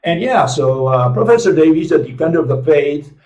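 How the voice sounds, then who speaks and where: A man hosts a casual commentary stream, his talk full of fillers, restarts and tag questions like "right?". His voice sits a bit high for a man. He is heard from some distance off the mic, in a room with a noticeable echo. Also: animated, a little fast, darkish tone. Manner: rambling, many fillers and restarts, asks "right?" and "okay?" often. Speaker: host of a physics commentary live stream. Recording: roomy echo, speaking from away from the mic.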